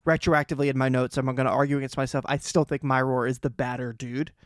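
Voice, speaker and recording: A man's voice: mid-range voice, flat delivery, fast, no room sound, studio quality. A man co-hosting a podcast, giving his opinions in casual, chatty talk about a TV episode. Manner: chatty and opinionated, argues points, laughs along. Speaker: podcast co-host. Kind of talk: casual chat recapping a TV episode.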